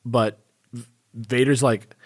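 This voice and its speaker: A man's voice: medium pitch, fairly even intonation, slow pace, breathy edge, dry recording, clean studio sound. A young man co-hosting a podcast, casually recapping a comic book with loose, swearing banter. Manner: loose, laid-back recapping with lots of fillers and swearing. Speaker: podcast co-host.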